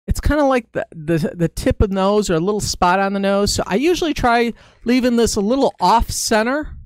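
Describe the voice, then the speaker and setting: Guy teaching balloon drawing on a live stream, smooth clear voice, dry close mic, chatty. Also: sits high, no echo. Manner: chatty, talks through each step as he draws. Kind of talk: casual live-stream tutorial.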